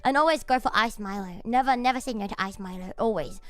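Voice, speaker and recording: A young woman streamer chatting casually and excitably, breaking into laughter and swearing freely. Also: fairly high pitch, fast, soft background music. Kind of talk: casual chat.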